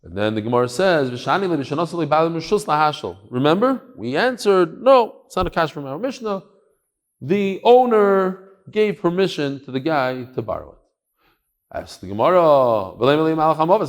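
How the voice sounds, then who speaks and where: Man, middle-aged, Talmud lecture, storytelling, slightly high voice, very lively pitch. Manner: lively, acts out the voices in his stories, shouts at the climax. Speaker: Talmud teacher.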